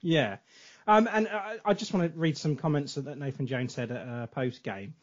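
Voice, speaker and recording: A man's voice: on the high side, moderate pace, highs cut off. A man co-hosting a casual podcast chat, leading the talk and steering the questions. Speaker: podcast co-host.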